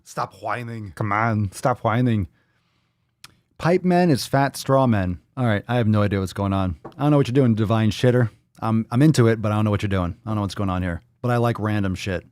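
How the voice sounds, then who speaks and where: A man's voice: medium pitch, a little mellow, no room sound. Guy hosting a fitness livestream, swears a ton, teases the chat, voice jumps all over, dry close sound. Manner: profane, teasing, joking banter. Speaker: livestream fitness show host.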